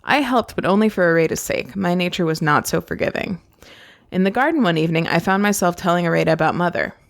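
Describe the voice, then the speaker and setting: A woman podcast host reading a novel aloud and breaking off with gushing, excitable asides. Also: lowish voice, fast talker, gravelly.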